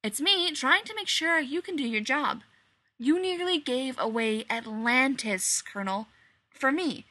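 A woman voicing an impatient adult male scientist who speaks in a brisk, matter-of-fact way. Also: high-pitched, expressive, bright, forceful tone, voice pushed up, full character voice.

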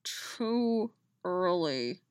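A woman voicing a drowsy adult man who murmurs quietly and slowly. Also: lowish voice, animated, clear, resonant tone, dry recording. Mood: sleepy murmur.

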